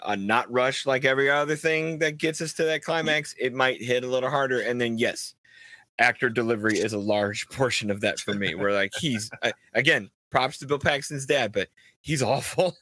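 A man co-hosting a casual film podcast, sardonic and quick to laugh. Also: medium pitch, bright, forceful tone, no room sound. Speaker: podcast co-host.

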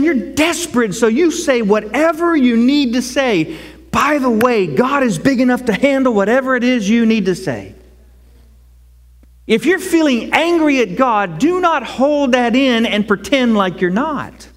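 A man preaching a sermon as pastor, conversational and animated, rising to loud cries. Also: very high voice, moderate pace. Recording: long hall reverb.

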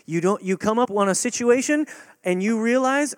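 Male pastor mid-sermon: high, very expressive voice, dry close sound, earnest, drops to a hush for effect. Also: a little fast, dry recording. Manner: swings between loud urging and hushed, near-whispered stretches; earnest, direct appeals to the congregation.

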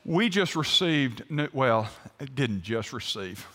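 Folksy preacher in a reverberant hall. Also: male voice, medium pitch, sing-song, slow pace, fairly bright tone. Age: older. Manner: folksy, asks the congregation questions. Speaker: pastor. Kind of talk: sermon. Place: church sanctuary.

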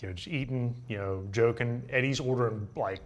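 A man's voice: medium pitch, a little fast, dull audio. Laid-back man telling joking anecdotes. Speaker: guest, pro baseball pitcher. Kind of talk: casual storytelling chat.

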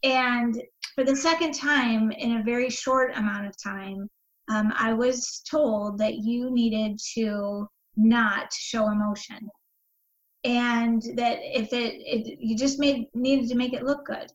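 A woman's voice: a little high, steady tone, slow pace, roomy sound, highs cut off. A woman being interviewed, telling a personal story in a candid, meandering way, full of fillers and restarts. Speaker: interview guest.

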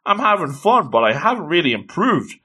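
A frustrated teenage girl athlete pleads in a whiny, flustered way, as a man puts her on. Her voice sits high and swoops up and down, with a bright edge. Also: sing-song, fairly quick, slightly rough, heavily acted. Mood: upset. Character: upset teenage girl lacrosse player.

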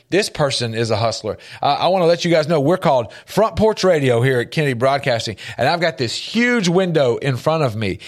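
A man hosting a faith-based motivational radio talk from a studio, earnest and emphatic, repeating key phrases for effect. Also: on the high side. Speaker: radio host. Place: radio studio with a large window.

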